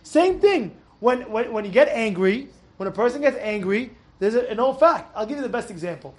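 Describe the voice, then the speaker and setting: A man's voice: extremely high pitch, expressive, a little fast. A man giving an informal Torah lesson, full of rhetorical questions and repeated, restarted words. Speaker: Torah teacher.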